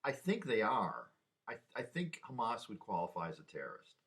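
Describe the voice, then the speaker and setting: A man in his sixties talking through personal memories in a rambling, halting way, with sighs and restarts. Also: fairly low pitch, wildly swooping pitch, a bit bright. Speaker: vlogger. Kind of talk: casual personal monologue.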